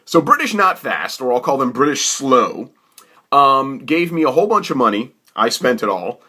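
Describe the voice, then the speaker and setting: Male storyteller, animated and exasperated, bright lively delivery, rambling comic anecdote. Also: medium pitch, normal speed, slightly rough.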